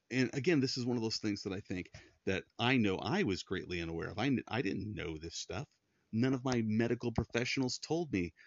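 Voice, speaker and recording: A man's voice: low voice, dry recording. A middle-aged man speaking in an earnest personal monologue as a Christian podcast host, often repeating words and restarting when moved. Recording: dull, dry lo-fi sound.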